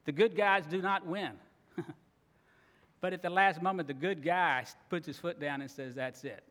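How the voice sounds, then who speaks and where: A man preaching a sermon, earnest and expressive, now and then acting out grumbling voices. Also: high voice, moderate pace. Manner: earnest, acts out grumbling voices, laughs at times. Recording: long reverb of a large hall.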